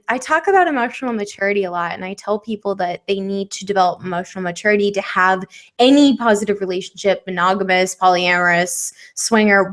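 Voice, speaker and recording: A woman's voice: medium pitch, a bit bright. A woman co-hosting a podcast in casual chat, speaking candidly and rambling with frequent ums. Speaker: podcast co-host.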